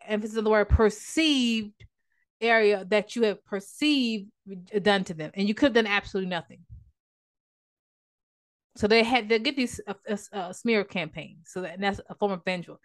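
A woman's voice: mid-range voice, moderate pace. A woman coaching viewers on relationships in a casual vlog, emphatic and repetitive, with a preachy, church-flavored way of talking. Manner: preachy, emphatic, repeats herself; uses church language and prayer.

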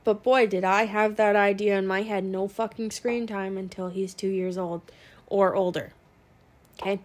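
A woman's voice: medium pitch, fairly even intonation, normal speed. A young woman, a working mother, talking in a blunt, profane, venting monologue. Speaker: working mom podcaster. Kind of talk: casual monologue.

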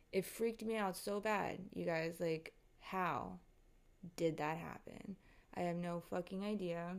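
A woman vlogger telling a casual story to her viewers, animated and rattled, swearing often. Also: medium pitch.

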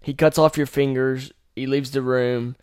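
Young male host, casual game retelling, profane and animated, mid pitch. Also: measured pace, clear, resonant tone, no room sound, clean studio sound. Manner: animated, profane, laughing asides. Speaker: podcast host.

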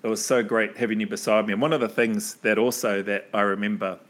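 A man's voice: lowish voice, steady tone, quick pace. Earnest New man reminiscing. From New Zealand. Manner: warm, earnest, laughs often. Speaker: podcast host. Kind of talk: casual reminiscing conversation.

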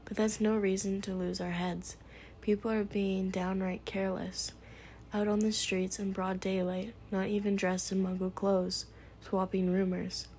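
A woman reading in a soft whisper, voicing a severe older witch who talks impatiently and irritably, in whispered role-play. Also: medium pitch, little pitch movement, a little slow, slight background noise, lightly acted. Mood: stern.

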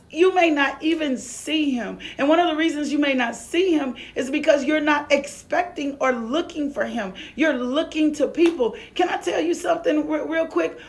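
Fervent woman preacher with gravelly voice. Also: high-pitched. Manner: fervent, repetitive calls, breaks into tongues. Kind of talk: sermon.

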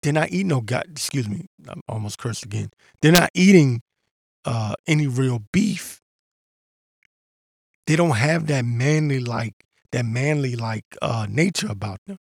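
A man's voice: medium pitch, lively intonation, a little slow, creaky, no room sound, clean studio sound. A man hosting a podcast, talking in a ranting, combative way and mocking others in put-on voices. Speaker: podcast host. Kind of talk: casual monologue.

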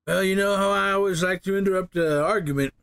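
A man's voice: high voice, quick pace, gravelly, a bit bright, smooth, no echo. A man playing a tabletop game, joking and teasing, and laughing often. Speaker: player.

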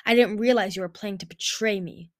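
A woman's voice: medium pitch, fast talker, close to an everyday voice. A bitter older female seer dragon who snarls her words coldly, as a woman reads her aloud. It is a storybook reading in a plain middle voice. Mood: scornful. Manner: snarling, cold.

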